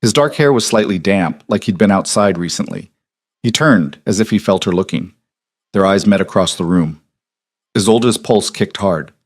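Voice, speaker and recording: A man narrating a historical romance audiobook in an even, measured storytelling manner. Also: low voice, dry recording, clean studio sound.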